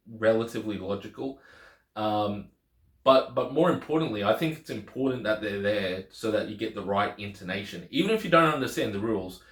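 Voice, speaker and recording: Man teaching in an echoey room. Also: lowish voice. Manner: relaxed, repeats words and restarts while explaining. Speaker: Greek teacher. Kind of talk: explanatory lesson.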